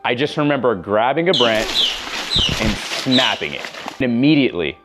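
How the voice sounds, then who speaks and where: Animated man narrating an adventure. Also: medium pitch, normal speed, very noisy. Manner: animated, vivid retelling of events. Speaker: wildlife adventurer. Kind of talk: storytelling voice-over narration.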